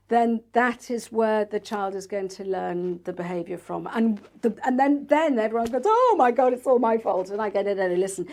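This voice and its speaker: A woman, a parenting coach, chatting in an interview and telling lively stories, acting out other people's voices. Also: a little high. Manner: animated storytelling, acts out quoted voices. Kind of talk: casual interview chat.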